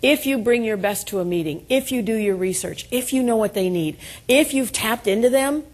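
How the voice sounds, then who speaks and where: Her voice sits fairly high and sounds expressive, moving at normal speed. A middle-aged woman is giving a motivational keynote in an event room, telling self-deprecating stories and asking the audience for responses.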